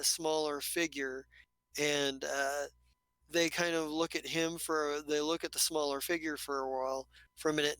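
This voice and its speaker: A man's voice: on the high side, pushed and bright, smooth, no echo, low-quality recording. A man narrating a tabletop game as game master, rambling with many restarts and casual swearing.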